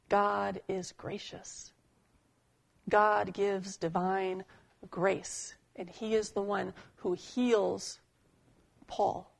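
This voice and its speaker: A woman preacher giving a sermon, telling a story and reading a poem in a deliberate, dramatic way. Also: mid-range voice, vocal fry.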